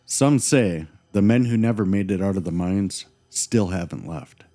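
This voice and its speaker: A man with a very deep, mellow voice co-hosts a scripted paranormal podcast. He tells ghost stories with dramatic pauses and a playful, teasing edge. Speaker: podcast co-host.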